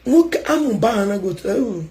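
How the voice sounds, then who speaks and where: A Nigerian woman with an Igbo accent chatting loudly and emphatically as a stream host, mixing English and Igbo. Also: on the high side, expressive, a little fast, a little hiss or hum, rough recording. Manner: loud, emphatic talker.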